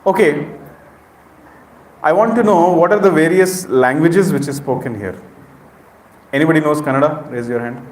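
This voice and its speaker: A middle-aged Indian man with a slightly high voice leads a spiritual talk and keeps asking his listeners questions. The sound is roomy, with a hall echo and a faint hum of the space behind him. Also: normal speed, long pauses, a little mellow. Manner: questions the audience directly, conversational. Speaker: spiritual speaker. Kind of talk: interactive spiritual lecture. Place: temple hall with audience. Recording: echoey hall.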